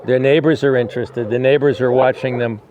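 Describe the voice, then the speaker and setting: A man's voice: mid-range voice, steady tone, fairly quick, dull audio, very noisy. A man who rescues animals, talking casually to the camera and coaxing his dogs outdoors with repeated calls. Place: outdoor dog yard.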